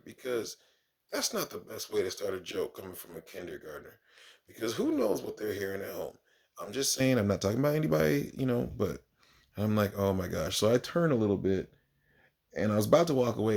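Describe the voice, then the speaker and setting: A man spins casual classroom anecdotes as a kindergarten teacher, his pitch leaping around as he acts out what happened. There's a gravelly, fry-tinged texture under the talk that keeps it easygoing. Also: brisk. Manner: animated storyteller, swinging up for acted exclamations.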